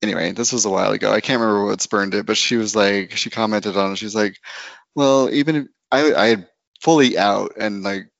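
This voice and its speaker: A man's voice: fairly low pitch, a little fast, creaky, fairly bright tone, dry recording. A man hosting a casual podcast chat, rambling through tangents and laughing often. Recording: dry, muffled lo-fi sound.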